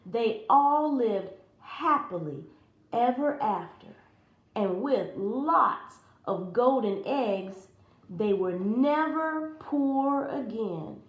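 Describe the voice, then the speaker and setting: A woman teacher reads a children's story aloud slowly and expressively. Her voice sits fairly high and swings widely. The room around her is roomy and echoing. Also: highs cut off. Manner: expressive and animated. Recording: roomy echo.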